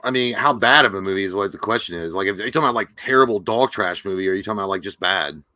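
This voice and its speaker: A man's voice: on the low side, rapid-fire, pushed and bright, no echo. A man co-hosting a casual live stream, cracking crude jokes and swearing freely. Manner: crude, joking, profane. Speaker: podcast co-host.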